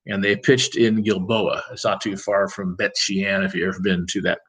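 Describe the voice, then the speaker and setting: A man's voice: deep voice, flat delivery, moderate pace, a bit bright, slightly rough, poor audio. A man leading a Bible study, reading scripture aloud and then explaining it in plain, casual words. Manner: reads verses aloud, then paraphrases them casually. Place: church.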